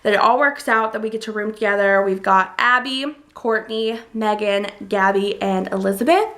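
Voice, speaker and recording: A woman's voice: medium pitch, normal speed. A young woman in college telling a personal story in a casual, chatty vlog, full of fillers. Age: young adult. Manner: chatty, lots of likes and ums, gets excited retelling. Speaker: college student vlogger.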